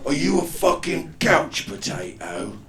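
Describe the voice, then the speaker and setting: A man's voice: on the high side, sing-song, a little slow, reverberant, a crowd in the background. A man voicing a harsh male inner voice that scolds him in a Cockney accent. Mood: scolding. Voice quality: scolding, profane.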